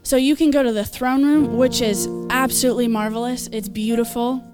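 A woman's voice: a little high, steady tone, brisk, over music. A woman preaching and leading prayer at a church gathering, earnest and encouraging, with small asides and laughs. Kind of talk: sermon and altar call.

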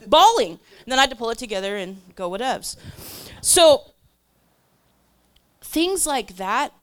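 Animated woman sharing a church testimony. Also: high-pitched, moderate pace, long pauses. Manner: animated, swings from loud bursts to whispers; chatty, lots of "like" and asides. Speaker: church speaker. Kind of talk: storytelling testimony to a crowd.

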